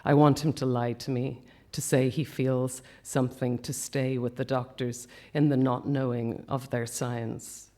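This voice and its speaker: Man softly reading a personal memoir. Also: mid-range voice, level tone, unhurried, few pauses. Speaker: speaker reading a personal account. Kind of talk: reading a memoir piece aloud.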